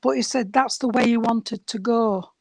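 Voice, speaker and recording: A woman giving a mediumship reading, her voice going hoarse, calling the sitter sweetheart and darling. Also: a little high, moderate pace, a little mellow, dry recording.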